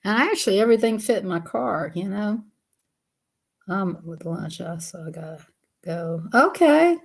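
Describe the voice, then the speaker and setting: A woman's voice: fairly low pitch, moderate pace, creaky. A woman chatting casually on a livestream while coloring, laughing often and greeting viewers. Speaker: livestream host.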